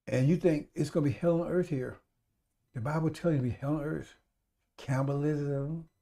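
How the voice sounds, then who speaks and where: A male radio preacher with a fairly high, mellow voice that never turns sharp. He drives his points home through repetition, addressing the listeners as brothers and sisters and climbing in pitch and volume when he presses a point. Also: fairly even intonation, normal speed, gravelly. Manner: urgent, repetitive exhortation. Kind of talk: sermon on a live radio stream.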